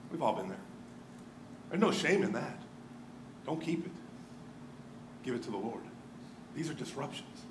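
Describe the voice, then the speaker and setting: A man preaching a sermon as pastor, earnest, dropping to a hush and then rising to emphasis. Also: medium pitch, noisy background. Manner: earnest, swings from hushed to emphatic. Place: church sanctuary. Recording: roomy church hall.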